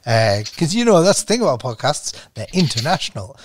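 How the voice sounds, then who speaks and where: A man's voice: mid-range voice, sing-song, a little fast, a little hiss or hum. A man hosting a podcast, chatting in rambling, giggly tangents. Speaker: podcast host. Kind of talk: casual chat.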